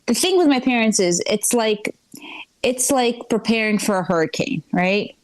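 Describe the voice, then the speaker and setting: A woman's voice: fairly high pitch, lively intonation, normal speed, low-quality recording. A woman performing a live stand-up set at a comedy club, rambling and self-deprecating with many fillers and restarts.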